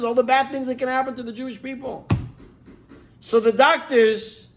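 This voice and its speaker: A man's voice: extremely high pitch, normal speed, a little hiss or hum. A man, a rabbi, telling stories in a sermon, his voice rising and falling with the tale. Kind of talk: sermon storytelling.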